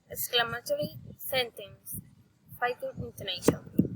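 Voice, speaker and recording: Woman, phonetics drill reading, whispered headings, exaggerated intonation, gravelly voice, clear background noise. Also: a little high, very animated, unhurried, a bit bright, rough recording.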